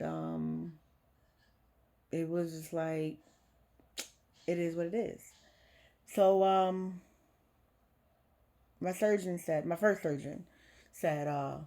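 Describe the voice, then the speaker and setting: A woman's voice: lowish voice, warm tone. A young adult woman vlogger frankly telling a personal story, emotional and swearing casually.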